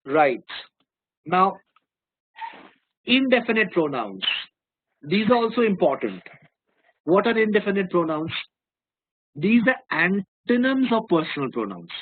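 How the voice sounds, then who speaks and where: A man's voice: high voice, breathy edge, no echo. A man with an Indian English accent teaching a grammar lesson, explaining patiently, repeating key terms and checking whether students follow. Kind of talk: classroom-style lesson. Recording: dry, phone-like narrow sound.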